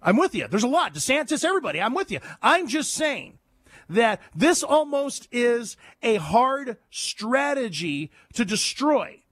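Animated high-pitched talk radio host man. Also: measured pace, no room sound. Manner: animated, sarcastic, jumps between loud and hushed. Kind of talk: opinionated call-in talk radio monologue.

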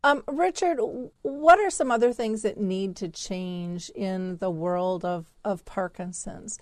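A woman's voice: mid-range voice, takes it slowly, a little mellow, no room sound. A woman hosting an interview, asking questions in a casual, conversational way. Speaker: podcast host.

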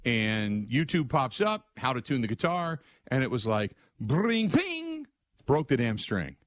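A middle-aged man hosting a sports radio show, telling stories in an excitable, conversational way and acting out other people's lines. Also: mid-range voice, normal speed, no echo. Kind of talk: animated storytelling monologue.

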